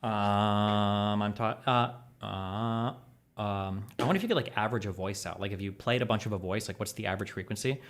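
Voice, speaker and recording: A man talking casually on his stream, explaining things quickly and animatedly, his voice jumping higher when he gets exasperated. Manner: fast, animated, explanatory talk that jumps up in pitch when exasperated. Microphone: close desk microphone.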